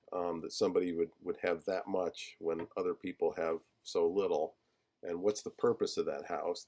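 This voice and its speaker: A man teaching a class on a film screenplay, talking haltingly with many fillers and restarts as he searches for page numbers. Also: sits low, warm tone. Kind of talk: lecture discussing a film screenplay.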